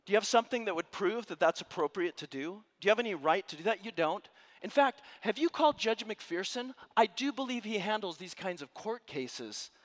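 A man's voice: on the high side, expressive, fairly bright tone, clean tone, big-room sound. A man voicing an indignant lawyer who fires off commanding demands at officials. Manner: commanding, rapid-fire demands.

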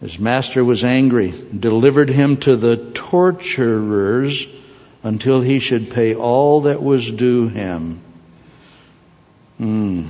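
A man preaching a sermon in an animated way, with joking asides and digressions. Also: mid-range voice, takes it slowly. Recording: dull sound with long hall reverb.

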